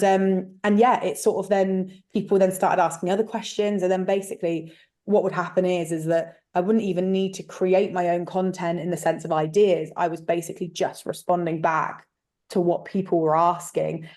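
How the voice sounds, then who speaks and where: A frank, chatty woman with a slightly low voice speaks in a relaxed interview. She tells stories with plenty of fillers and asides. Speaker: guest, letting agent. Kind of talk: casual interview chat.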